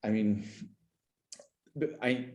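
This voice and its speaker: Man in his forties, from canada, halting speech with many restarts, emotional, echoey room. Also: lowish voice, fairly even intonation, a little mellow. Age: 40s. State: choked up. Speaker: podcast guest. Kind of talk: reflective conversational interview.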